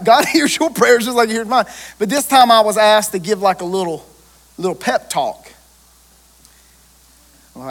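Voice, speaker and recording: Preacher guy, high voice, lively sermon, jokes with the crowd. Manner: lively, joking with congregation. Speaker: pastor.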